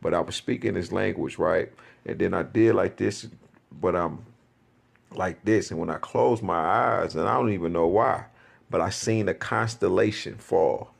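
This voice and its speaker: A man's voice: sits low, normal speed, gravelly, breathy edge. A man telling a spiritual experience in a rambling, profane, casual way, often repeating himself.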